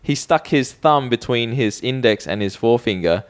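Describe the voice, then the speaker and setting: A man's voice: mid-range voice, lively intonation, moderate pace. A man co-hosting a podcast in casual chat, telling rambling stories with dry, self-deprecating jokes. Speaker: podcast co-host.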